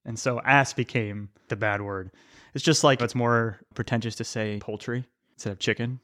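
A man's voice: medium pitch, steady tone, moderate pace, a bit bright. A man appearing as a podcast guest, chatting casually and musing at length while he explains ideas. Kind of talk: casual interview chat.

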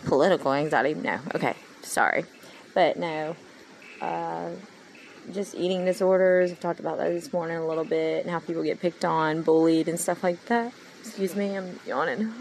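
Gravelly woman rambling earnestly. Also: fairly low pitch, a little hiss or hum, low-quality recording. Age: 30s. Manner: meandering, earnest, heartfelt. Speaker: vlogger. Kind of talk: rambling personal monologue.

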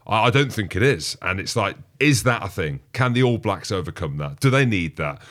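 Very deep-voiced man in excited rugby chat. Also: normal speed. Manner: animated storyteller who acts out quotes. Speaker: rugby podcast co-host. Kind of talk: casual sports chat.

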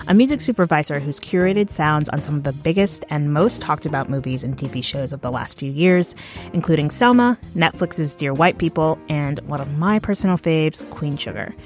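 A woman hosting a podcast, introducing segments and asking measured questions in casual chat. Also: deep voice. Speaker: podcast host.

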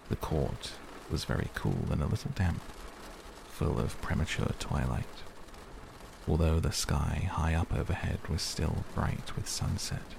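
A man narrating a classic novel as a calm, measured bedtime audiobook. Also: extremely low pitch, creaky, background noise. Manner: measured, soothing. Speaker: audiobook reader. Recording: steady rain sounds behind.

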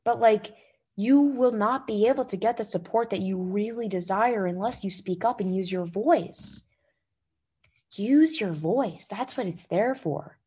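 A woman's voice: medium pitch, a little slow, dark tone, husky. A woman hosting a podcast, giving an emphatic motivational talk and coaching listeners directly into her mic, swearing freely. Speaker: podcast host. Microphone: podcast microphone.

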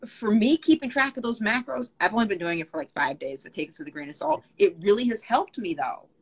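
A woman's voice: mid-range voice, animated, quick pace, breathy edge, low-quality recording. A young woman co-hosting a casual chat, telling a long story with lots of "like" and plenty of swearing. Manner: rambling, lots of "like", swears freely. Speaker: podcast co-host.

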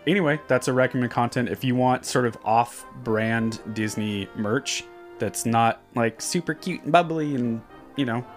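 A chatty man hosting a podcast, rambling easily from one aside to the next at a middling pitch. Faint music plays quietly behind his voice. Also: normal speed. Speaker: podcast host. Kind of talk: casual chat.

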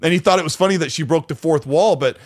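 A man co-hosting a casual podcast, telling stories in an animated, rambling way with many restarts. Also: on the high side, fast. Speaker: podcast co-host.

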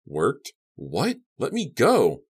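A man reading the part of a frightened teenage boy who is tied up, pleading and shouting in panic. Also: low voice, sing-song, moderate pace, slightly rough, full character voice. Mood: panicked.

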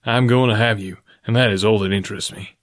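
A man reading the part of a cynical, domineering wealthy man who talks in a smooth, mocking way. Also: fairly low pitch, fairly even intonation, fast talker, dry recording, clean studio sound, natural voice.

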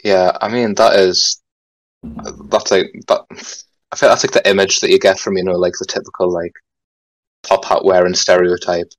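Young Geordie man, low voice, laid-back. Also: level tone, normal speed, dry recording, low-quality recording. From North East England. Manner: laid-back, rambling with many fillers and some swearing. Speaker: podcast guest. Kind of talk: casual chat.

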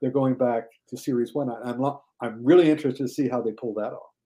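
An older man talking casually as a podcast guest, lively, often mimicking others in high mocking voices. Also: quick pace. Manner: animated, mocks critics in high shouted voices. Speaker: guest film critic.

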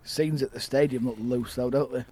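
A man with a Leeds accent co-hosting a casual chat in a back garden, excitable with loud bursts of elation. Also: mid-range voice, moderate pace, breathy edge. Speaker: podcast co-host. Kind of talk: casual celebratory chat among friends.

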